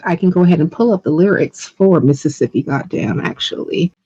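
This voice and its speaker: A woman's voice: fairly low pitch, lively intonation, fairly quick, mellow, breathy edge, dull audio, soft background music. A woman hosting a podcast interview, chatting casually and animatedly with frequent laughter. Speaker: podcast host.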